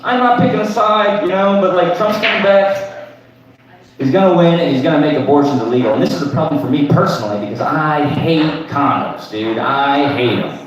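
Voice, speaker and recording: Thirties male comic, crude and rambling, slightly raised pitch, distant mic in a very echoey room. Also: a little fast, a crowd in the background. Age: 30s. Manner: crude, rambling, tags lines with "right?". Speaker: stand-up comedian. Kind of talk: open mic stand-up. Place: comedy club stage.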